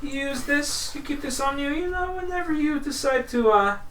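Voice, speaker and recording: Casting: a performer doing a kindly little gnome man, lively and bright, echoey room mic at a distance. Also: high-pitched, voice pushed up. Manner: chatty, halting with fillers. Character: small friendly male gnome traveler, generous and kindly.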